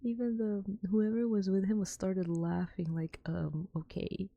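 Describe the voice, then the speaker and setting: A woman, softly whispering as a streamer telling a story in ASMR style, rambling with restarts. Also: medium pitch, flat delivery, unhurried, gravelly, dry recording, lo-fi sound.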